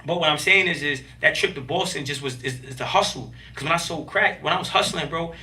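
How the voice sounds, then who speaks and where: A man with a high, bright voice tells stories as a podcast guest, animated and emphatic, full of street slang. He sits a little back from the microphone. His voice often jumps up in excited bursts. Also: quick pace, far from the mic, soft background music. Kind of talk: casual interview storytelling.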